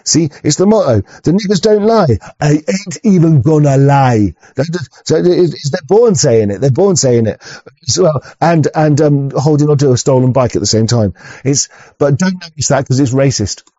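Mellow-voiced man in a rambling rant. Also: a little high, expressive, moderate pace, dry recording. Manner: rambling, stammering restarts, heavy swearing. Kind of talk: profane rambling monologue. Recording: dull, dry muffled audio.

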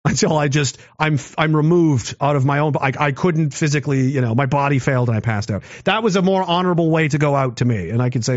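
A man's voice: on the high side, fast, no room sound. A man in his thirties telling a war story in a casual, profane, rambling way, mocking himself and reading comments from chat. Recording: dull lo-fi dry sound.

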